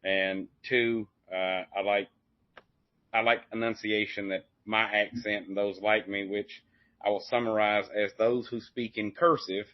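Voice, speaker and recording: A man's voice: lowish voice, fairly even intonation, unhurried, dry recording. A man hosting a podcast, chatting in a rambling, folksy way full of fillers and restarts. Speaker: podcast host. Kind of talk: casual conversation. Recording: dull, dry lo-fi audio.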